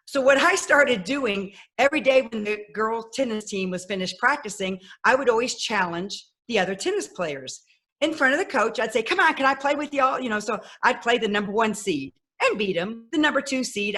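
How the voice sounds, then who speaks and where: A woman in her fifties, a podcast guest telling her life story in a lively way and acting out the voices of people she quotes. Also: a little high. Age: 50s. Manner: animated, acts out quoted voices. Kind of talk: personal storytelling.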